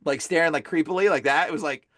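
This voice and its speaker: A man guesting on a podcast as an exorcist, telling stories in a casual, animated way and saying "bro" constantly. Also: fairly high pitch, fast talker, no echo, studio quality.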